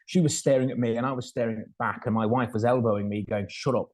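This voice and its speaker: A man's voice: mid-range voice, steady tone, fast, a little mellow. Chatty middle-aged man telling stories. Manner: chatty and self-deprecating, acts out dialogue, frequent fillers. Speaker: foster carer telling his story. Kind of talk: anecdotal storytelling talk.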